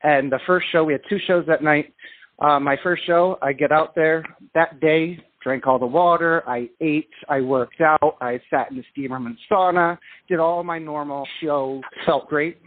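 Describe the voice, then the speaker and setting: Man from England, phone guest, animated, self-deprecating, fairly high voice, tinny phone line. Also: moderate pace, no echo. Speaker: guest singer and dancer. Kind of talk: casual storytelling over the phone. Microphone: telephone.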